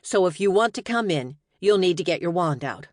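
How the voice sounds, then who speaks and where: A woman's voice: fairly low pitch, expressive, brisk, a little mellow, no room sound, clean studio sound. A woman voicing a curt male receptionist who holds firm on security.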